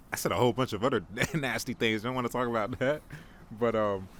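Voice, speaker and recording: A young man's lowish, slightly bright voice carries this casual one-person podcast. As host he rambles on, makes fun of himself, tells jokes and restarts often. The recording has faint background noise.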